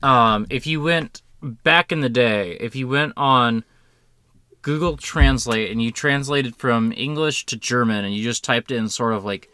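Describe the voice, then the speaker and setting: A man co-hosting a casual podcast who tells stories in an animated way and laughs as he talks. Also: mid-range voice, unhurried, clean tone, no room sound. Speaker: podcast co-host. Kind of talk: casual chat.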